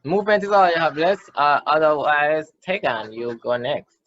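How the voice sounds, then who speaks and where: Jamaican male game master, slightly high voice, dry muffled call audio. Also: lively intonation, normal speed, fairly bright tone. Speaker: dungeon master. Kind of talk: running a tabletop game.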